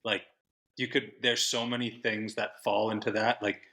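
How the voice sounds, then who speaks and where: A man's voice: on the low side, flat delivery, normal speed, sharp tone, rough recording. A man chatting casually on a podcast, rambling with lots of fillers. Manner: rambling, many likes and restarts.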